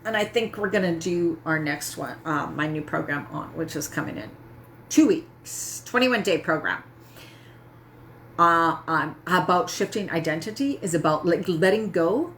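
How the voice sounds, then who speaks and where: A woman's voice: fairly low pitch, lively intonation, measured pace, a bit bright, slight background noise. A middle-aged woman health coach talking casually and candidly to her audience, often tagging her points with "right?". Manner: candid, self-mocking, frequent "right?" asides. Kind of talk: casual talk to camera.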